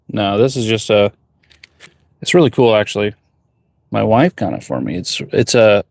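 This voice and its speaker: Man, blacksmith streamer. Casual, rambling chat at a mid-range pitch, with a dry close sound. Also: a little mellow, no room sound. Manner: laid-back, rambling, reads viewer questions aloud. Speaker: blacksmith livestreamer. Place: forge workshop.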